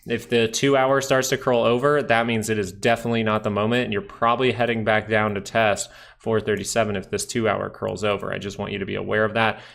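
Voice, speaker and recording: A man's voice: lowish voice, little pitch movement, fast talker, vocal fry, hardly any pauses, fairly bright tone. A man hosting a live stream, casually talking through stock charts and trade setups as he looks at them. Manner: casual, thinking aloud over charts.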